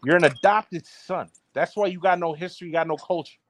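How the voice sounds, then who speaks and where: A man from the East Coast, co-hosting a podcast, trash-talking in loud, mocking banter and tacking "bro" onto line after line. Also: fairly high pitch, fairly quick, slight background noise. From Baltimore area, East Coast US. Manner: brash, mocking, repeats himself with "bro". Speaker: podcast co-host. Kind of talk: casual trash-talk banter.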